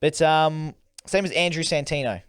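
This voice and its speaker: Young male podcast co-host with a fairly high voice, laid-back and sweary, recorded dry and close. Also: normal speed, a bit bright, smooth, no echo. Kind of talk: casual chat.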